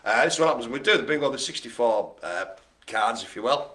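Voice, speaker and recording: Jokey man calling bingo live, bright voice with lots of pitch swing, playful asides. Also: animated, quick pace. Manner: joking, wordplay, playful asides. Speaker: bingo host.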